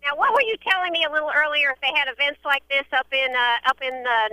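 A woman's voice: sits high, fast, bright, forceful tone, dry recording, rough recording. Upbeat Southern woman radio host. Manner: chatty, folksy and upbeat. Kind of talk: live remote radio interviews. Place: outdoor festival by a fountain.

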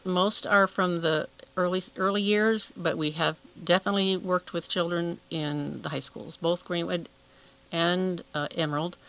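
A woman's voice: lowish voice, steady tone, measured pace, a bit bright, poor audio. A woman, a guest on a radio talk show, explaining earnestly and often restarting her sentences. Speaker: guest from a children's health program. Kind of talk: radio interview.

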